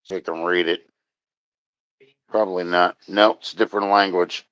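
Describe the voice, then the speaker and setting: A man's voice: sits low, steady tone, moderate pace, a bit bright, no echo. A man chatting casually on a live stream, rambling, joking and answering chat. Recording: dry, dull lo-fi sound.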